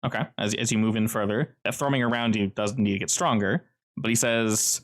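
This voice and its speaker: A man's voice: lowish voice, a little fast. A man narrating a tabletop role-playing game as game master, loose and descriptive. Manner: descriptive, relaxed, loose phrasing.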